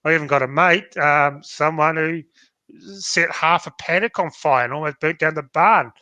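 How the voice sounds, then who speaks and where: Bright-voiced Australian man giving advice. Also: a little high, moderate pace, no room sound. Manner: direct, giving practical advice. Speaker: podcast co-host. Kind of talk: casual advice chat.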